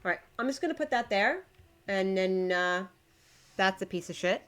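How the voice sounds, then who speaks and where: A woman's voice: mid-range voice, expressive, normal speed, fairly bright tone, smooth. A woman streaming live, chatting casually to her viewers and to the game while she builds, swearing when it frustrates her.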